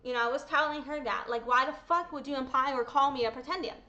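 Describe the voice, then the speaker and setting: High bright-voiced woman venting to her viewers, blunt, swearing, quoting people over and over. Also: fast, lo-fi sound. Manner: upset, swearing, repeating quotes. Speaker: vlogger. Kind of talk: angry personal callout vlog.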